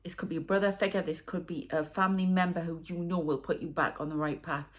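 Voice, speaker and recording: Geordie woman, tarot reader, rambling chatty delivery, slightly low voice. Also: steady tone, fast talker. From North East England. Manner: rambling, chatty, with asides and sighs. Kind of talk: casual psychic reading monologue.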